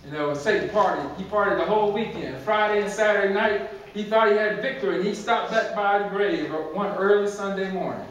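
A male pastor preaches with emphatic storytelling and repeated phrases in a notably high voice. His voice rings through a very echoey church, and he is far from the microphone. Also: fairly quick, slight background noise. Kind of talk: sermon. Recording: very echoey church, distant mic.

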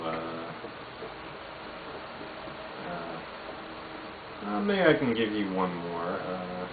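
A man casually introducing his voice impressions in a halting way, laughing between bits. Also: on the low side, noisy background. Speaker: amateur voice impersonator. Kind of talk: casual home video chat. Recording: tinny lo-fi echoey home recording.

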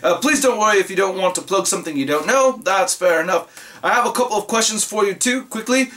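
A man's voice: high-pitched, animated, fast, a bit bright, a little hiss or hum. A man reading a fan letter aloud in a put-on British accent as a young British male fan, hesitant and self-aware about the accent. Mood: earnest.

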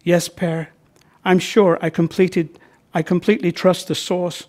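A man reading aloud from a novel, voicing a devout, sophisticated widowed countess who answers slowly and hesitantly. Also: sits high, little pitch movement, a little mellow. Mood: hushed. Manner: slow, hesitant replies.

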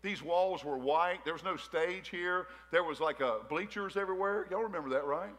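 High, bright-voiced preaching man. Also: normal speed. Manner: folksy, joking preaching with crowd call-outs; emotional. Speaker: pastor. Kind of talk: sermon. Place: church hall, a former gymnasium. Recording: long church-hall reverb.

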